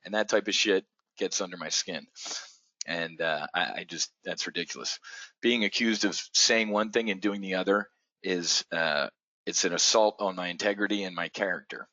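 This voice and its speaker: A man hosting a live trading stream, talking bluntly and profanely with frequent stammered restarts and excitable outbursts. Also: low-pitched, moderate pace, no echo, lo-fi sound. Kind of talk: unscripted live stream talk.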